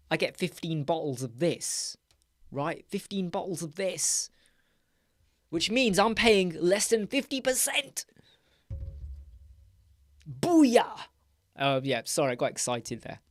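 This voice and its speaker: A man hosting a live Q&A stream, chatty, rambling and quick to get excited as he reads out and answers viewers' comments. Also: on the high side, dry recording, clean studio sound. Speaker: host.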